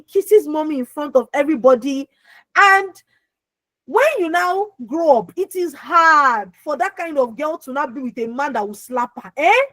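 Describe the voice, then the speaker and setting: A young adult woman with a naturally loud voice, coaching an audience on a video call. She is emphatic, repeats words and keeps asking her listeners questions. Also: sits high, no echo, rough recording. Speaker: emotional healing coach. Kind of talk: lively motivational talk on an online call.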